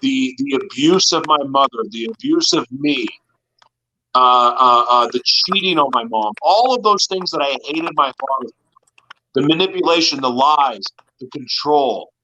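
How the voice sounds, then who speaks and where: A man's voice: medium pitch, lively intonation, measured pace, sharp tone, slight background noise, rough recording. A man in an interview, telling his personal story in an earnest, confessional way. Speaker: guest.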